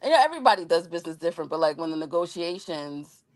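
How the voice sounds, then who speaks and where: A woman's voice: fairly low pitch, expressive, fast talker, no echo. A woman from New Jersey with a North Jersey accent, an audiobook narrator chatting casually on a podcast and often restarting her sentences.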